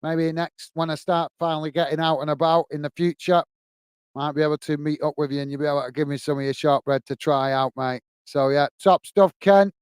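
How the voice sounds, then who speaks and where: A man's voice: a little high, steady tone, brisk, clean tone, no echo. A man from England hosting a football watch-along, chatting casually and reading out viewer comments with friendly thanks. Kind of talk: casual live-stream chat.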